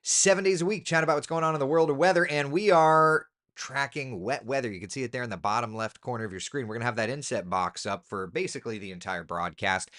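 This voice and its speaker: A TV weatherman talks through the forecast in an easy, chatty way. His pitch swings widely, rising keenly and then dropping low for muttered asides. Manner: relaxed, chatty, thinking aloud with ums and asides. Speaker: TV meteorologist. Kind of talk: casual weather chat.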